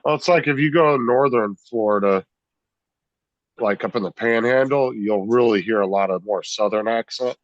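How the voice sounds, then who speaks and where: A man's voice: mid-range voice, normal speed, dry recording, lo-fi sound. A man from California chatting casually, laid-back and swearing freely. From California, USA. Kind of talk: casual chat.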